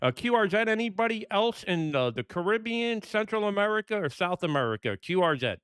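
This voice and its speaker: A ham radio operator with a New York accent calls stations in a chatty, relaxed way. His voice sits high and rings smooth and clean. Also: fairly quick, dry recording, studio quality. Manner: chatty, easygoing, laughs often. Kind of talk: casual on-air radio contacts.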